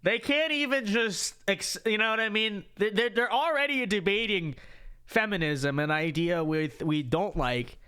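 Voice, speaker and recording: A man's voice: high-pitched, unhurried, smooth. A man commenting live on a debate video, talking back to it and reading out viewer donations. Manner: animated, reads out viewer donations. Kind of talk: livestream reaction commentary.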